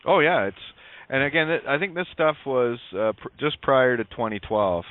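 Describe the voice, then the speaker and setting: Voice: mid-range voice, animated, normal speed, no echo. A radio show host explaining ideas at length in rambling call-in talk, on a phone-like line. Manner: rambling, wordplay-driven explanations. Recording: dry tinny phone-like line.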